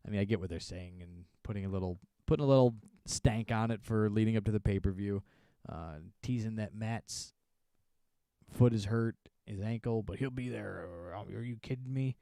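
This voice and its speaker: Man, podcast co-host, casual rambling recap, sarcastic, mellow dark tone, dry close sound. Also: lowish voice, moderate pace, no echo. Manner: rambling, sarcastic, acts out wrestlers' shouted lines. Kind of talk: casual wrestling recap chat.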